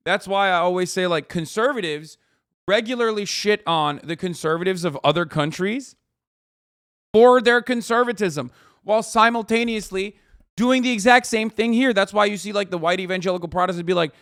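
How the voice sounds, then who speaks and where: A man rants and swears through a casual reaction stream, his voice sitting a little high and coming through smooth and clear. The sound is dry and close to the mic, with no room around it. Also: normal speed, no room sound. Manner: profane, animated, ranting. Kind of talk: casual commentary.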